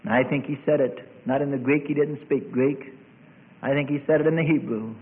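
A man preaching a sermon, stretching quoted words and rising to shouts as he tells the story. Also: mid-range voice, steady tone, a little fast. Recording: tinny phone-like recording.

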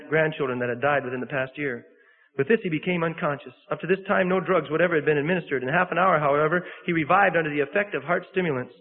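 A man preaching a sermon, earnestly reading an old account aloud and stumbling over words, repeating himself now and then. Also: high-pitched. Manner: earnest, with self-corrections and repeats. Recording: tinny phone-like sound in a reverberant hall.

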